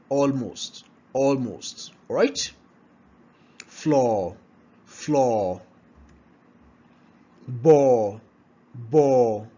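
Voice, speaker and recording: A man whose first language isn't English teaches pronunciation, drilling each word aloud several times and checking in with phrases like "all right?". His medium-pitched voice has a dark tone, and the sound is lo-fi.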